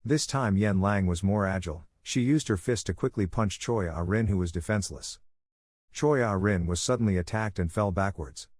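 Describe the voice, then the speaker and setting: A man narrating a comic story recap in a steady, even scripted reading. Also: low-pitched, normal speed, no room sound, studio quality.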